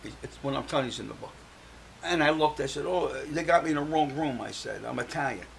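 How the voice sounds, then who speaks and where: An older man speaks in a gravelly voice that sits a little high for a man. He is a guest telling his life story on an interview show, and he acts out the voices of the people he quotes. A faint hiss runs under the recording. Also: quick pace, low-quality recording.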